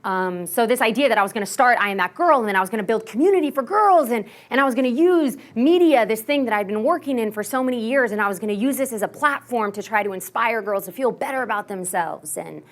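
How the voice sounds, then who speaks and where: A young woman from Texas speaks in a slightly raised voice, sharing a personal story as a keynote speaker. She is animated and self-mocking and scatters "like" everywhere. She slips into the voices of the people she quotes. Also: on the high side, fast talker, hardly any pauses. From Texas, USA. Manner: animated, heavy use of "like", acts out quoted voices.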